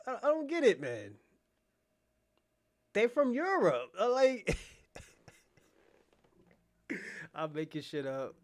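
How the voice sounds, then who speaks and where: A man with a notably high speaking voice hosts a casual live stream. He talks straight to viewers by name, needling and teasing them in a loud, crude, mocking way. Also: wildly swooping pitch, takes it slowly, pauses often. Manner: brash, mocking and profane, addressing chatters by name. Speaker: livestream podcast host.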